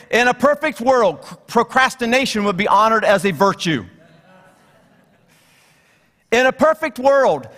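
A high-voiced man delivers a sermon from the pulpit, moving between teaching and storytelling with touches of humor. His voice rings out with a long reverb tail that fills the church. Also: fairly bright tone. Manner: storytelling with jokes, acting out characters. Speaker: guest preacher.

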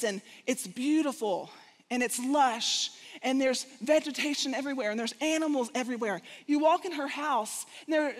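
Woman, guest speaker, storytelling sermon, animated, acts out voices, high-pitched, long hall echo.

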